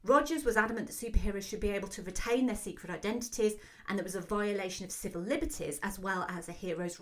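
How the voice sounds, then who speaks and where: A woman with a mid-range voice hosts a solo film commentary podcast. She talks fast and excitedly, packing her speech with fillers.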